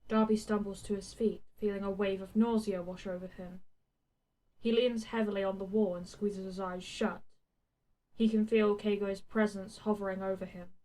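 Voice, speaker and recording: A woman reading a fan fiction story aloud, with expressive narration. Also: medium pitch, normal speed, poor audio. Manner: expressive, swears in the text freely.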